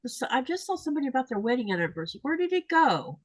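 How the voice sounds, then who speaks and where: A woman's voice: sits high, big pitch swings, very fast, no room sound, low-quality recording. A woman hosting a casual livestream chat, reading viewer comments aloud and sharing her own feelings.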